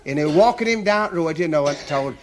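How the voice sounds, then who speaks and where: A man's voice: fairly high pitch, animated, brisk. A man telling stand-up jokes on stage, chuckling through his own stories. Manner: chuckling, chatty, dialect-heavy. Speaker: stand-up comedian. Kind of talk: stand-up comedy storytelling. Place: comedy stage.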